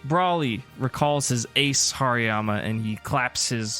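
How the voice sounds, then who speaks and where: A man's voice: mid-range voice, measured pace, hardly any pauses, soft background music. Laid-back male game master. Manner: relaxed, rambling with fillers. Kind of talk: narrating a tabletop game.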